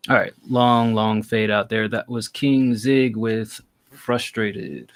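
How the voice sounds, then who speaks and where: A man with a lower voice talks through a track he just heard on a relaxed review show. He is measured and critical, pausing to find his words. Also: soft background music. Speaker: music review host. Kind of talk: casual review chat.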